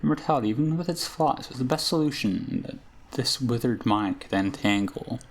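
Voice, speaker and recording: Man reading as an ancient cruel hag, game dialogue, gravelly, mid pitch. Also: lively intonation, normal speed. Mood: scheming. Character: ancient scheming female hag, cruel and teasing.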